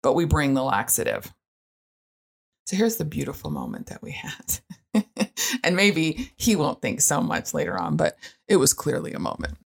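A woman with a notably low voice tells a family story in a relaxed, chatty way. She keeps the talk loose with fillers and quick asides while staying animated. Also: vocal fry. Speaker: parent sharing experience with autism. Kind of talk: casual storytelling monologue.

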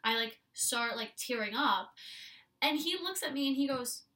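A woman's voice: high-pitched, lively intonation, moderate pace, far from the mic, crowd noise. A woman hosting a casual podcast, chatting away and telling stories, filling her talk with "like". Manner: chatty storyteller, says "like" constantly. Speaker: podcast host.

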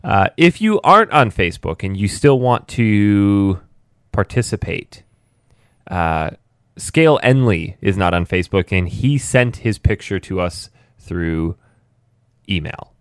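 A man's voice: lowish voice, big pitch swings, unhurried, smooth, no echo, clean studio sound. A man co-hosting a podcast in casual, laid-back chat, joking with his friends. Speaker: podcast co-host.

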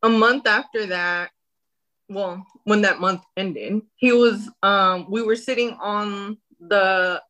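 A woman's voice: medium pitch, slow, low-quality recording. A woman, telling a personal story in a casual interview and acting out the dialogue. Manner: animated, acts out quoted dialogue. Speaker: guest.

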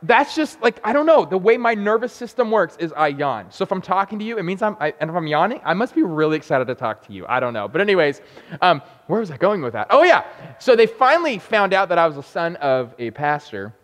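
A young adult man preaching a sermon, telling self-deprecating stories with quick asides. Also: sits high, sing-song. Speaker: pastor. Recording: long hall reverb.

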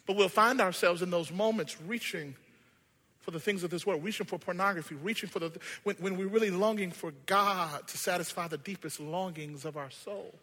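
High bright-voiced preacher man, gets loud then quiet, big hall echo. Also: brisk. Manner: animated preaching, swings from hushed to shouting. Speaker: pastor. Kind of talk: sermon.

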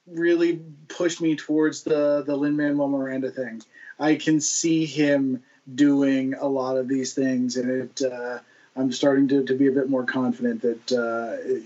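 A man's voice: medium pitch, darkish tone. Man with dry quips, a bit off-mic. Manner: brief dry interjections. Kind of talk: casual book discussion. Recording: distant, dull lo-fi mic.

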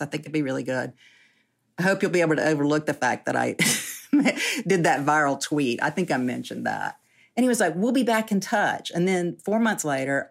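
Low raspy-edged woman around 60, chatty interview storytelling, laughs a lot. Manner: animated, laughing often, frequent restarts. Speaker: journalist and interviewee. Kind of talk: candid conversational storytelling.

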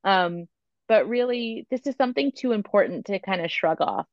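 A woman's voice: medium pitch, moderate pace, no echo. Chatty woman on a dull dry line. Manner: animated, chatty, lots of filler words. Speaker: podcast guest, photographer and coach. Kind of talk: candid conversational interview.

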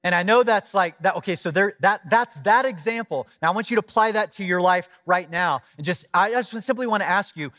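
A middle-aged man preaches in a relaxed, conversational way. He tells his story with lively, animated delivery and acts out the quotes. His voice sits a little high, and the recording is close and dry. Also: brisk, hardly any pauses, dry recording. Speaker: pastor. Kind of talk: storytelling sermon.

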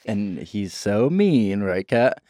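Guest: man, mid-pitched, lively intonation, goofy and relaxed, dry close mic. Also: takes it slowly, no room sound. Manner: laid-back, goofy. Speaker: podcast guest. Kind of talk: casual chat.

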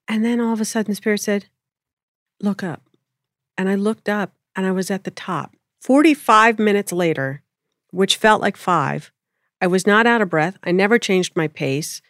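A woman's voice: mid-range voice, no echo, clean studio sound. A woman telling a spiritual life story in a casual, reflective way, laughing often. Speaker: spiritual speaker.

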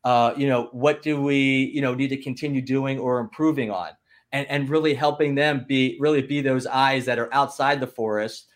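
Appearing as a guest business coach, a man gives a high-energy motivational talk, emphatic and rallying, frequently interjecting "listen" and "guess what." His voice is mid-range and his pace moderate.

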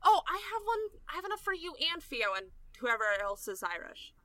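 Woman as chatty, teasing party host; bright, dry. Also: fairly high pitch, lively intonation, normal speed, no room sound. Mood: upbeat.

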